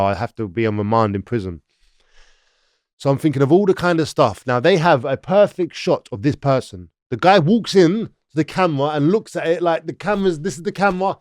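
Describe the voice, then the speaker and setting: Recorded cleanly in a studio without echo, this interview guest is a thirtysomething Londoner whose accent and mid-range voice come through as he recounts his story. He animatedly performs what other people said.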